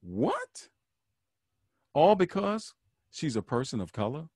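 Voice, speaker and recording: A man's voice: medium pitch, very animated, unhurried, darkish tone, dry recording, studio quality. A man hosting a podcast, talking alone with an earnest, preachy manner and repeating phrases for emphasis. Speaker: podcast host. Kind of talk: solo podcast monologue.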